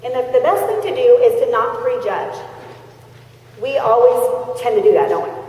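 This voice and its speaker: A woman's voice: fairly high pitch, very animated, normal speed, a little mellow. Woman trainer echoing in a big hall. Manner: chatty, tag questions, acts out scenarios. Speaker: sales team trainer. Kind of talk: motivational training talk. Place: large convention center hall. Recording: echoey convention hall from far off.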